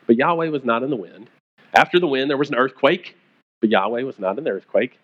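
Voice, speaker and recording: A pastor preaching a conversational sermon, retelling stories and acting out the quoted voices. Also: male voice, mid-range voice, fairly quick, slightly rough, phone-quality sound.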